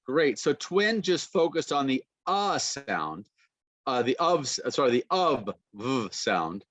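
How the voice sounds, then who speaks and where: A man teaching a pronunciation lesson, modeling phrases slowly and repeating sounds. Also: medium pitch, very animated, fairly bright tone, no echo. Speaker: university lecturer.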